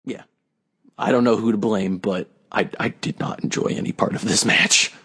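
A man's voice: fairly low pitch, moderate pace, pushed and bright, slightly rough. A man co-hosting a casual podcast, talking in a sarcastic, rambling way. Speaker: podcast co-host. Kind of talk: casual wrestling chat.

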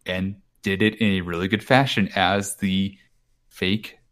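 Here a man with a low-pitched, steady, fairly bright voice speaks a little slowly as a podcast co-host. He gives a rambling, profane wrestling recap, paraphrasing the promos in casual chat.

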